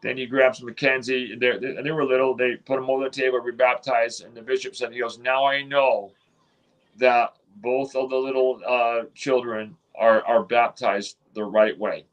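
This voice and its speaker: A man's voice: medium pitch, fairly even intonation, moderate pace, rough recording. A man, telling a long story in a casual interview, rambling with many restarts and quoted dialogue. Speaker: interview guest.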